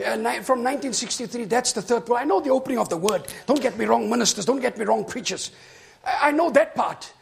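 A man preaching a sermon. He tells a story and then builds to shouted, rhythmic preaching. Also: very high-pitched, quick pace, gravelly.

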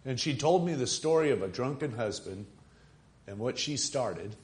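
A male preacher delivers a sermon in an ordinary middle-pitched voice. He narrates a story in a conversational way and pauses to put rhetorical questions to his listeners. He swells into strong, pleading exhortations. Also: lively intonation. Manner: builds from quiet musing to rising, emphatic appeals.

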